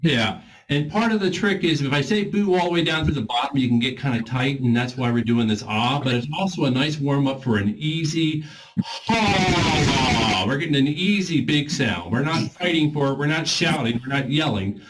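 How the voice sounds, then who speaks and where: Man coaching a voice warm-up class. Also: medium pitch, a little fast, a little hiss or hum, poor audio. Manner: encouraging, informal, coaching. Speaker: voice exercise instructor. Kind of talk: leading a group voice warm-up class.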